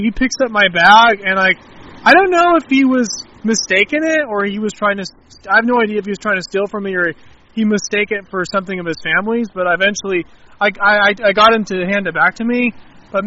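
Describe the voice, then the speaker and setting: A man's voice: high voice, sharp tone, highs cut off. A man talking casually outdoors, rambling and reflective, with many filler words. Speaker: interviewee.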